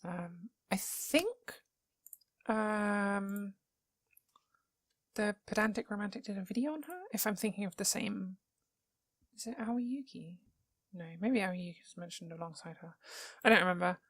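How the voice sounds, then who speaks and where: A woman's voice: medium pitch, unhurried, no room sound, studio quality. A young woman co-hosting a podcast in casual chat, thoughtful and hedging as she thinks aloud. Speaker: podcast co-host.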